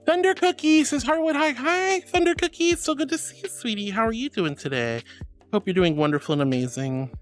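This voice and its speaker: Gushing streamer with a lively, swooping voice who calls chat "sweetie," faint music underneath. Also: a little fast. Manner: bubbly, affectionate, calls viewers sweetie; swoops into high squeals of excitement. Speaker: VTuber streamer. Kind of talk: livestream chat reading viewer messages.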